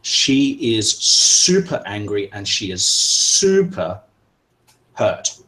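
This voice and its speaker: A man narrating as game master in a tabletop game, pausing often with fillers. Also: on the low side, sing-song, bright, forceful tone, low-quality recording. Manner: hesitant, many pauses and fillers.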